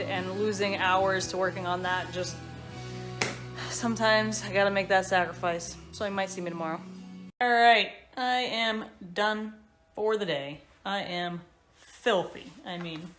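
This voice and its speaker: Casting: woman shop vlogger, mid pitch, chatty and upbeat, roomy workshop echo. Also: steady tone, measured pace, a bit bright, faint music behind. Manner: chatty, upbeat, rambling asides. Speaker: woodworker vlogger. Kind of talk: casual vlog diary. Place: woodworking shop.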